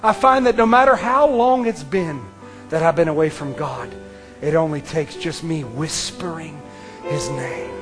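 A man with a notably high voice delivering a fervent sermon in a church service. He rises to ringing declarations and then drops to hushed near-whispers, hammering his points through repetition. Soft music plays faintly behind him. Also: measured pace. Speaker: preacher. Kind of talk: impassioned sermon.

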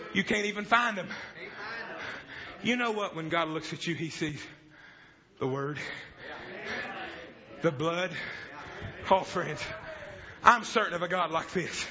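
A man preaching a sermon, telling a story fervently and breaking into shouted exclamations, on a dull lo-fi recording. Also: high-pitched, a little slow, pauses often, a crowd in the background.

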